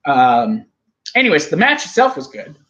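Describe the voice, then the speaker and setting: A man's voice: on the high side, wildly swooping pitch, moderate pace, fairly bright tone, muffled recording. A man hosting a wrestling review show, rambling and teasing his co-host in casual chat.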